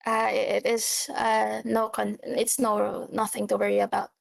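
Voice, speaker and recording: A woman voicing a polite, dutiful records clerk who speaks formally and haltingly in a tabletop game. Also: mid-range voice, monotone, vocal fry. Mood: courteous. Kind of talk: tabletop role-play character voice.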